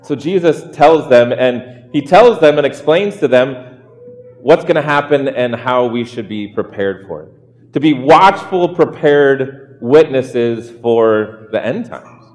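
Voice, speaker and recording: A pastor delivers a relaxed, talky sermon, pitched at an ordinary middle level for a man. He keeps turning to his listeners with rhetorical questions. His voice rings out with a long hall echo. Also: slow. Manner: chatty, asks rhetorical questions. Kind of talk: conversational sermon.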